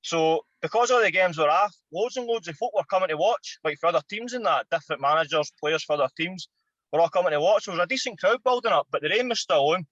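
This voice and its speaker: A Scottish man in his thirties, a former footballer and podcast guest, telling an animated, sweary anecdote. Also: high voice, quick pace, no room sound, lo-fi sound. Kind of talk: casual storytelling.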